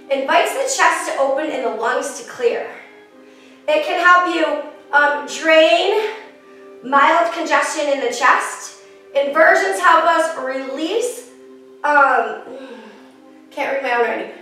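Upbeat woman yoga teacher, high voice, chatty cues, recorded in a very echoey room from afar with soft music. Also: far from the mic. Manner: encouraging, chatty, self-teasing asides. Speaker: yoga instructor. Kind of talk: guided yoga class instruction.

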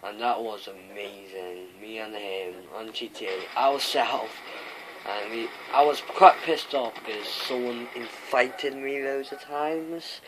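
Rambling, swearing young gamer, slow and low. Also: male voice, steady tone. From Wales. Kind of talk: casual gameplay commentary. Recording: game sounds and noise behind.

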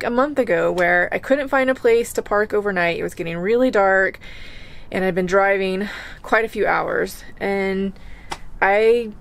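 A woman vlogger talking casually and earnestly to camera, with frequent fillers like "you know" and "like". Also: mid-range voice.

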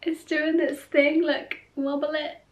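A woman's voice: high voice, slow pace. Chatty woman vlogging. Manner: chatty, excitable, talks to viewers as friends. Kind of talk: casual vlog chat.

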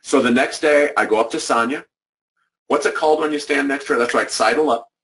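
Speaking to a room of educators, a male workshop presenter delivers a motivational training talk in an emphatic, conversational way, circling back to his key points. His mid-range voice moves fairly quickly and sounds a bit bright. The microphone sits at a distance.

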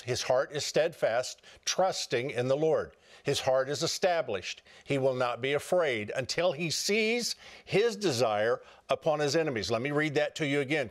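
A man on a Christian talk program, relaying a phone message and reading a psalm aloud in an earnest, measured way with quick asides. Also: a little high. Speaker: program guest.

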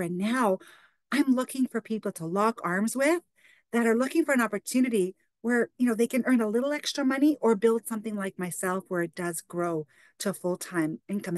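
A woman's voice: a little high, dry recording. A woman in her fifties from Canada hosting a team call, chatting casually and retelling conversations with lots of "I said" and "she goes".

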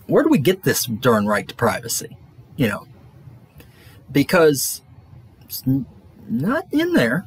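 A male college lecturer talks through his material in a loose, rambling way. His slightly husky voice swings widely in pitch, and he fills pauses with ums and restarts. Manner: rambling, many fillers and restarts. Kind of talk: classroom lecture.

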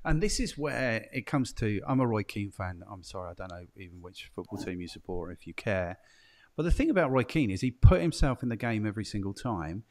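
A man's voice: lowish voice, animated, brisk. A man hosting a casual podcast conversation, musing aloud and checking in with "do you know what I mean". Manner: chatty, musing, asks guests questions, frequent "do you know what I mean". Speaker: podcast host and trainer.

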